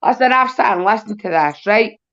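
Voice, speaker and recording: A woman's voice: medium pitch, expressive, brisk, fairly bright tone, lo-fi sound. A Scottish woman calling into a live-stream mock court, blunt and sweary as she argues her point. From Scotland. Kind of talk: heated live-stream argument.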